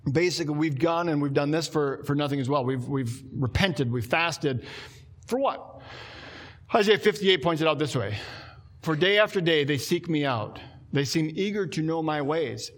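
Male pastor, slightly high voice, lively preaching delivery. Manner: animated, acts out quoted complaints in a lower voice. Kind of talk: sermon.

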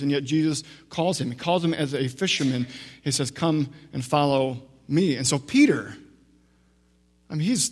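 Male preacher, conversational sermon delivery with asides; fairly high voice; long reverb of a church sanctuary. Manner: conversational preaching, unhurried, frequent restarts and asides. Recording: long echo of a large hall.

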